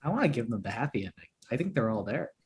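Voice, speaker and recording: A man's voice: mid-range voice, very animated, fast talker, slight background noise. Man talking through game plans. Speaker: player. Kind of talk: tabletop game discussion.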